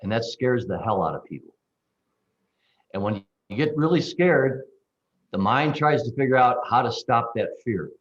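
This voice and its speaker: A man giving a measured, playful reflection on a group call, leaning hard on key words. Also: mid-range voice, expressive, muffled recording. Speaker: call participant.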